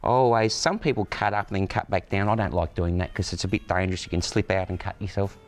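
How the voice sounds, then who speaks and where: A butcher appearing as a guest in a cooking demonstration explains, step by step, how to prepare a cut of meat. He has a low voice with fairly even intonation and talks fast, out in the sun.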